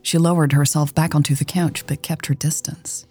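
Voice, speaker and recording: Woman storyteller, romance audiobook; husky, dark, steady delivery. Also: deep voice, moderate pace, faint music behind. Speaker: audiobook narrator. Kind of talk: scripted romance story narration.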